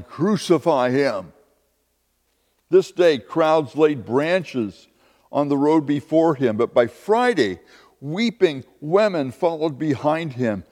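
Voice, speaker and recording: A man's voice: medium pitch, a little mellow, long reverb tail. A man preaching a sermon as a pastor, with emphatic, repeated lines.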